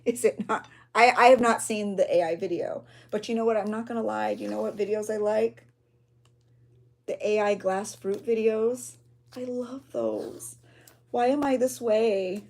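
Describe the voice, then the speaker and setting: A woman's voice: mid-range voice, fairly even intonation, normal speed, vocal fry. A woman chatting casually on a livestream while she crafts, reading viewer comments aloud and reacting with gasps and exclamations. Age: adult with a child. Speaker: junk journal creator hosting a livestream.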